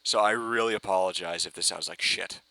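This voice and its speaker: A man ranting giddily in a fan reaction video, swearing and breaking into excited shouts. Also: low voice, a little fast, vocal fry, very noisy. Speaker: fan reviewer.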